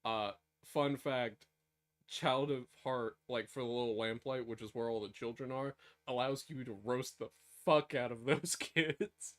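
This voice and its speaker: A man's voice: mid-range voice, fairly even intonation, a little slow, a bit bright. A man from the American South co-hosting a podcast, joking, laughing often and swearing casually. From Southern United States. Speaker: podcast co-host. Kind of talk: casual chat.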